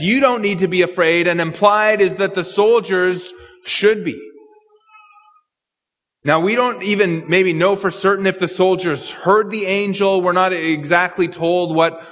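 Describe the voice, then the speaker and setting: A man's voice: high-pitched, a bit bright, big-room sound. A man preaching an expository sermon, earnest and thinking aloud, repeating words as he works through a passage. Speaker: pastor.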